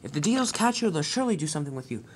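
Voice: medium pitch, very animated, very fast, a little hiss or hum, close to an everyday voice. A reader voicing a caring friendly engine who gives urgent warnings.

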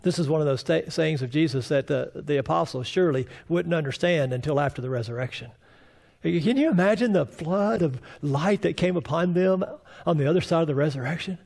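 A man's voice: on the high side, brisk, creaky, darkish tone. A man preaching a sermon as pastor, building to fervent, rising declarations. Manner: preaching with rising fervor and mock voices of doubters.

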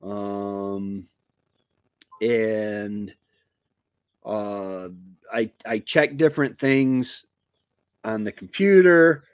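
Man, slow unhurried pace, halting self-deprecating chat, dry close mic. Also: lowish voice, smooth, no room sound. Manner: halting, many fillers and restarts, self-deprecating. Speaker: homesteading livestream host. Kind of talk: casual rambling chat.

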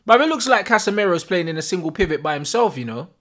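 High-pitched and quick, this young man with a London accent reacts live to a football game as a fan streamer. He gets excitable, swears, uses plenty of slang and shouts at the plays.

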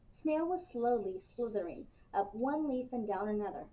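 A woman reading a bedtime storybook aloud gently, pausing to ask children questions. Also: on the high side, expressive, slight background noise. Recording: muffled, distant mic with faint ambience.

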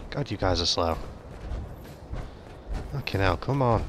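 Sarcastic, sweary gamer. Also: male voice, low voice, expressive, a little slow, pauses often, sharp tone, slight background noise. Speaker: gaming video host. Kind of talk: let's play commentary.

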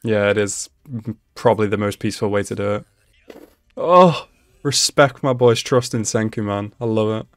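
A man hosting an anime reaction video, talking casually and excitedly at the screen, laughing often. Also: on the low side, brisk, no room sound. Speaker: anime reaction channel host.

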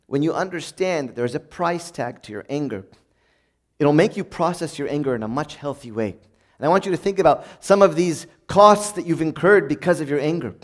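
A man preaching a sermon in a conversational way, reading from old sayings and acting out everyday moments in a bright, upbeat voice. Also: fairly high pitch, expressive, a little fast.

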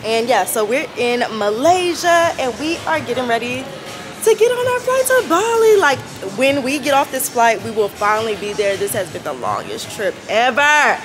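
A woman's voice: a little high, big pitch swings, moderate pace, over music. A young woman vlogging to camera while traveling, emotional and laughing often. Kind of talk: casual vlog to camera. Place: airport and car, on the move. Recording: loud ambient noise. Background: loud travel ambience.

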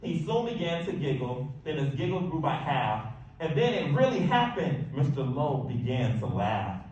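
A man reading a rhyming picture book aloud in a lively, sing-song way. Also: moderate pace, distant mic, highs cut off. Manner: lively, sing-song delivery with big pitch jumps. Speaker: storybook reader. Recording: echoey room, voice off-mic, faint hiss.

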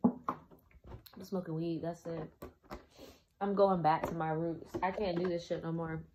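A woman's voice: on the low side, little pitch movement, a little slow, background noise. A young woman, sick and exhausted, recording a video diary as an emotional, profane rant. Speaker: vlogger.

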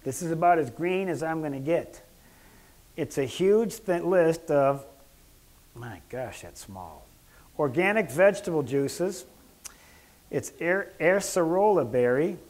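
A man giving a casual health lecture as a doctor, joking and rambling, clearing his throat often. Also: on the high side, animated, a little slow, pauses often, a little mellow.

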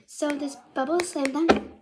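Young girl vlogging her skincare, high voice, rambly half-whispers, noisy background. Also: steady tone, a little slow. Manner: chatty, rambling, often half-whispering to herself. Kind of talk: casual get-ready-with-me vlog.

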